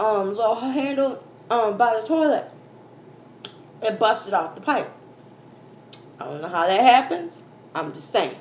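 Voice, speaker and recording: A woman, a mother, telling a story animatedly to her viewers in a casual chat while eating. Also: on the high side. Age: adult, mother of a school-age daughter. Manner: animated, exclaiming, addresses viewers as y'all. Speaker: food vlogger. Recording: echoey room, faint background noise.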